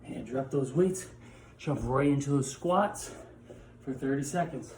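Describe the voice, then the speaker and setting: A man's voice: mid-range voice, measured pace, a little mellow, reverberant, a little hiss or hum. A man teaching a physical education class, coaching exercises while working out himself and often out of breath. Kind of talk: home workout class.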